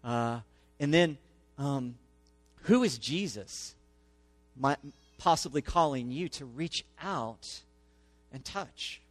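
A man's voice: medium pitch, expressive, slow pace, pauses often, no room sound, soft background music. A man pastor giving a conversational sermon, often checking in with the congregation with "okay?" and "right?".

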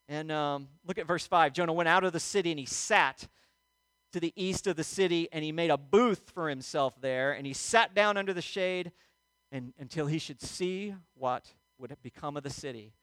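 A middle-aged male pastor telling a personal story in a sermon, animated and acting out moments, often checking in with "okay?". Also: fairly high pitch, normal speed, no room sound. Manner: animated storyteller, acts out yelling, frequent "okay?" check-ins.

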